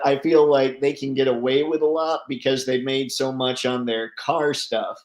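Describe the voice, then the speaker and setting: A man's voice: mid-range voice, fairly even intonation, unhurried, few pauses, reverberant. A man hosting a casual livestream, reading viewer comments aloud and chatting back with frequent laughs. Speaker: livestream host reading chat. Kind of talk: casual live chat.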